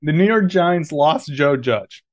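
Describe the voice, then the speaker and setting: A man's voice: a little high, expressive, measured pace. Dry-humored man chiming into sports banter. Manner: dry, laughs often, jumps in. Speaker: podcast co-host. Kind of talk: casual sports chat.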